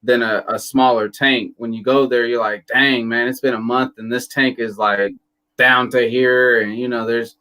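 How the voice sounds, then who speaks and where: A man's voice: mid-range voice, flat delivery, normal speed, sharp tone. Man telling stories in casual chat. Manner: storytelling, acts out quotes.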